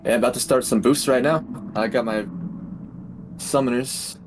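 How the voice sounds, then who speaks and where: A man's voice: medium pitch, steady tone, normal speed, noisy background. Laid-back slangy male streamer. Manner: laid-back, slangy, says dude and bro. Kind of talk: casual gaming chat.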